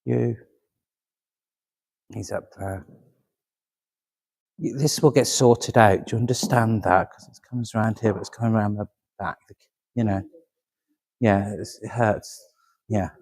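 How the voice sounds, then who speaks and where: A man's voice: lowish voice, fairly even intonation, measured pace, gravelly, pauses often, darkish tone, no echo. Man, medium at a service, friendly and chatty, laughs often, dry close sound. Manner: chatty, keeps asking "do you understand", laughs easily.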